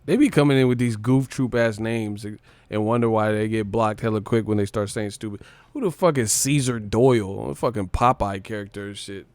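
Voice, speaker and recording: A man's voice: lowish voice, brisk, darkish tone, dry recording. A man hosting a livestream, reacting in casual, profane commentary with frequent incredulous laughter. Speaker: livestream host.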